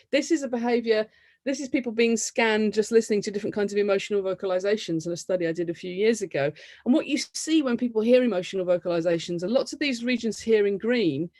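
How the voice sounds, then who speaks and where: A woman from the United Kingdom giving an academic lecture, explaining things in a lively way. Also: medium pitch, no echo.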